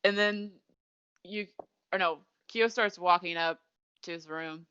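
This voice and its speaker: A woman's voice: lowish voice, measured pace, pushed and bright, clean tone, no room sound. A young woman hosting a podcast, animatedly retelling an anime episode with frequent giggles. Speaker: podcast host. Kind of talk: casual chat recapping an anime episode. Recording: dull lo-fi audio.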